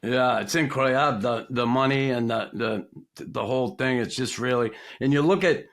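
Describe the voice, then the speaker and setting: A man's voice: medium pitch, moderate pace, fairly bright tone. Chatty male podcast host. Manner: conversational, many fillers and restarts. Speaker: podcast host, former hockey player. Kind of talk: casual chat.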